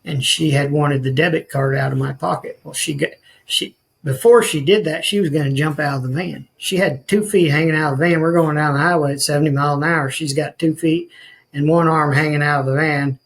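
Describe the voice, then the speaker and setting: A man's voice: a little high, fairly even intonation, brisk, gravelly, low-quality recording. A man, a podcast guest telling his life story in an earnest, rambling way with many restarts. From rural northwest Missouri.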